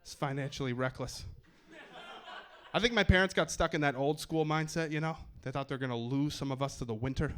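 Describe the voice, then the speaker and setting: Young male stand-up comic, fairly high voice, wry and self-deprecating. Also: fairly quick, a little hiss or hum. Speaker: stand-up comedian. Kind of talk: stand-up comedy set. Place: comedy club stage in New York.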